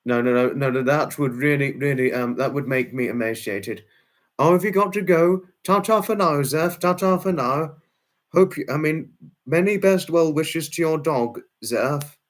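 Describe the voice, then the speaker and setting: A man's voice: a little high, normal speed. A man chatting live to viewers, answering comments in a rambling, fussy way with many restarts and exclamations. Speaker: live streamer. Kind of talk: casual chat answering viewers.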